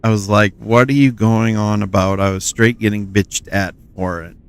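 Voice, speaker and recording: A man's voice: on the low side, steady tone, normal speed, smooth. A man from the Midwest, chatting playfully while streaming a game and joking with his viewers. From Cincinnati, US Midwest. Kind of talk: casual gaming commentary.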